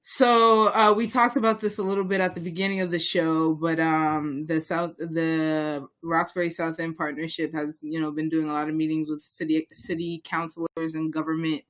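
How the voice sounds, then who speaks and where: Co-host from Boston, young, heated and rambling, medium pitch. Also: flat delivery, normal speed, hardly any pauses, a bit bright. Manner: rambling, frequent restarts, heated and emphatic. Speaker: podcast co-host. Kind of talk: casual chat on local politics.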